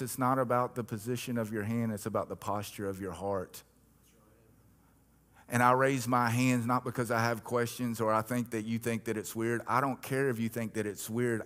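This is a man of the cloth at mid pitch, giving a sermon that rises and falls between hushed, pulled-back moments and loud, insistent peaks. Chanted lines recur rhythmically throughout.

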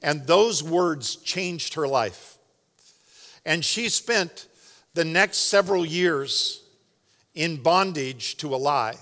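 A man preaches to his congregation in a loose, conversational style, dropping little jokes along the way. His voice sits fairly high for a man. The sound carries the long reverb of a big church hall. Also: fairly bright tone. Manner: casual, joking, conversational preaching. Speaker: pastor. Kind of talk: sermon. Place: large church sanctuary.

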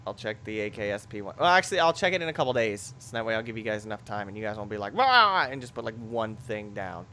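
A young man doing let's play commentary, reacting loudly with sudden shouts and laughs. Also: lowish voice, fast talker, slight background noise. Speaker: gameplay commentator.

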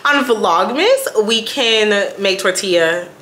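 A young woman talks her way through a shopping haul in a loose, rambling vlog. Her voice has a bright, crisp edge, and she keeps breaking into laughter and slangy asides. The room around her is hollow and echoey. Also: medium pitch, animated, slow. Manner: colloquial, says "child" and "y'all". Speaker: lifestyle vlogger. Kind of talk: casual chatty haul vlog.

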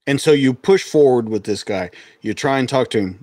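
A man's voice: medium pitch, normal speed, a little mellow, no room sound, clean studio sound. A man interviewing a guest, asking direct, probing questions. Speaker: podcast interviewer.

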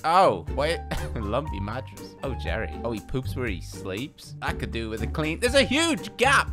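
A gaming video host giving playful commentary, cracking jokes, laughing often and reacting quickly to what appears on screen. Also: medium pitch, big pitch swings. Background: background music.

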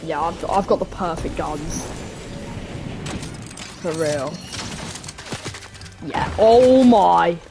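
A woman's voice: low-pitched, fairly even intonation, extremely slow, long pauses. A woman live-streaming a video game, chatting casually and greeting viewers by name. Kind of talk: live gameplay commentary. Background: background music.

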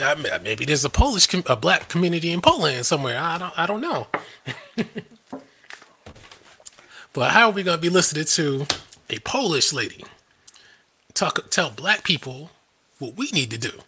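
A man's voice: a little high, very animated, normal speed, long pauses, bright, forceful tone, slight background noise. A man hosting a live stream, ranting in a combative, scoffing way and laughing at his own points.

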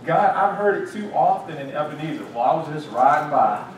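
Pastor in an echoey church. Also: male voice, on the high side, brisk, lo-fi sound. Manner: animated preaching with asides and acted quotes. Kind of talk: Bible study teaching. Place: church sanctuary. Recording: echoey room, distant mic, faint hiss.

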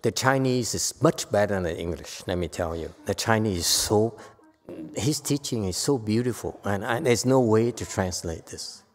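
A woman giving a Buddhist Dharma lecture to a live audience. She is emphatic and playful, swinging from quiet asides to loud outbursts. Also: very deep voice, animated, normal speed. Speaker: Buddhist teacher. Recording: echoey hall with long reverb.

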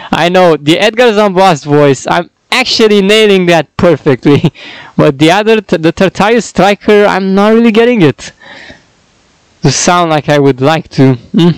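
A man's voice: high voice, lively intonation, measured pace, clear, resonant tone, no echo, rough recording. A young man casually commenting on his own character voices, self-critical and rambling.

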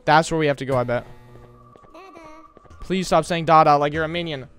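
A young man streaming a horror game live, chatting with his viewers and yelling whenever he gets scared. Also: on the high side, normal speed, smooth, faint music behind. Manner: loud, jumpy, yelling at scares, chatting to chat.

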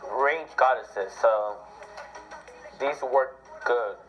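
Teen boy, sick, excitable rambling game commentary, muffled sound, faint game music. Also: mid-range voice, extremely slow. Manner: rambling, excitable, self-deprecating. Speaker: mobile game player. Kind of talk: casual gameplay commentary. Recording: dull lo-fi audio with faint music.

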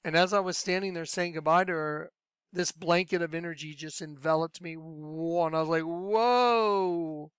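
A man telling his personal religious testimony in a lively storytelling way, acting out what he said back then. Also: on the high side, brisk, clean tone, no room sound, studio quality. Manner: animated storyteller, acts out his own past voice. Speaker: speaker sharing a religious testimony.

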